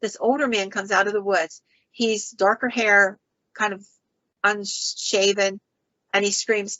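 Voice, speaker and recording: A woman hosting a podcast and telling ghost stories in an animated, casual way, with frequent ums and restarts. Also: medium pitch, a little slow, pauses often, no echo, dull audio. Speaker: podcast host.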